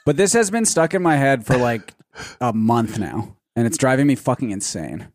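A man hosting a casual podcast chat, talking excitably and swearing freely. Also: medium pitch, moderate pace, no room sound, studio quality. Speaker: podcast host.

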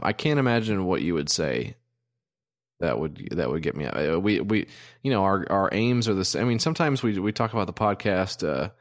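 A man in his thirties co-hosting a podcast in casual chat, rambling with lots of ums and restarts. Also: deep voice. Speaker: podcast co-host.

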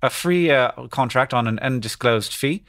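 A man's voice: mid-range voice, fairly bright tone, dry recording, clean studio sound, natural voice. A man putting on a fake BBC newsreader voice. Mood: mock formal. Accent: put-on English (BBC-style). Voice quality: uneven fake accent, slipping in and out. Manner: slow, halting read of football news. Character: adult male mock British sports newsreader, earnest. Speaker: podcast co-host.

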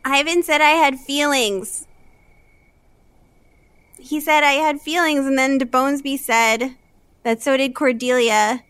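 A woman playing a tabletop game, giggly and quick to react. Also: high-pitched, steady tone, fairly bright tone, no room sound. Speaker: player. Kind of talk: tabletop role-play.

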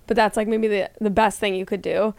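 A woman's voice: medium pitch, little pitch movement, fairly quick, vocal fry, a little mellow, clean tone, no echo. A woman co-hosting a comedy podcast, chatting casually and rambling with lots of "like" fillers. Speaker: podcast co-host.

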